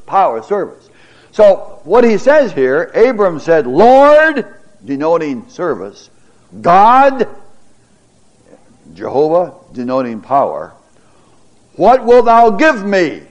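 A man teaching a Bible class in a slow, deliberate lecture style, with a somewhat high voice that swings widely in pitch. He reads scripture aloud with dramatic emphasis and fills the gaps between points with halting fillers and repeated words. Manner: dramatic scripture reading with stutters acted out.

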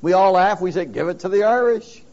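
This preacher's voice is high, brisk and a little mellow. He calls questions out to his listeners and drives his points home with emphasis, on a dull, lo-fi sermon recording.

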